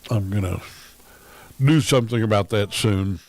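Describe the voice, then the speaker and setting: A man's voice: lowish voice, normal speed. A man talking casually on his livestream, rambling with frequent ums and wry laughs. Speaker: streamer.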